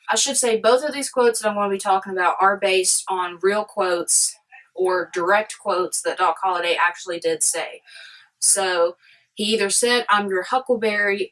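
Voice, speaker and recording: A woman's voice: medium pitch, fairly bright tone, low-quality recording. Chatty woman vlogger, rambling eagerly. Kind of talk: casual history vlog.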